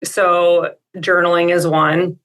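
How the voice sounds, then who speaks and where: A woman's voice: lowish voice, flat delivery, slow, fairly bright tone. A woman speaking as an expert guest on a coaching call, reflective and upbeat, with many casual fillers.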